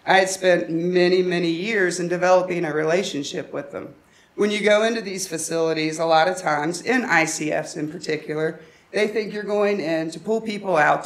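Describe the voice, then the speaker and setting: Woman telling a story on stage. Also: fairly low pitch. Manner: humorous, anecdotal, lively storytelling. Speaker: conference presenter. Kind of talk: storytelling presentation. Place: conference room.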